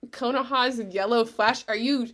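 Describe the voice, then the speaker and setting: Animated, swearing woman podcast co-host. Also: a little high, moderate pace, a little hiss or hum. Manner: animated, swears freely, trails off and restarts. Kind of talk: casual chat.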